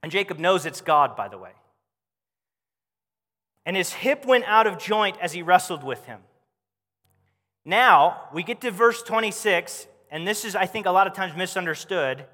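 Guy preaching, high bright voice, chatty and animated, big reverby church hall. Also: moderate pace, long pauses. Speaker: pastor. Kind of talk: sermon.

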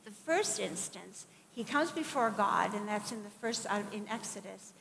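A middle-aged woman preaching a sermon in a conversational, animated way, with asides and acted-out quotes. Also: medium pitch, moderate pace, gravelly. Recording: long hall reverb, faint background noise.

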